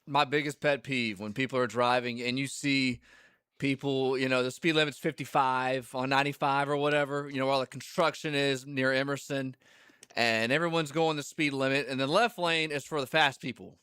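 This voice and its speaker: A man's voice: medium pitch, steady tone, moderate pace, pushed and bright, smooth, no echo, studio quality. A man co-hosting a sports radio show, complaining in an easygoing, casual way. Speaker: radio co-host.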